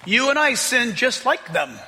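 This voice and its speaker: A male preacher with a high, bright voice delivers a lively, joking sermon. His voice swings widely in pitch, with a gravelly edge. It rings with long reverb in a large hall over faint music. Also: unhurried. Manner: animated, jokey, conversational preaching.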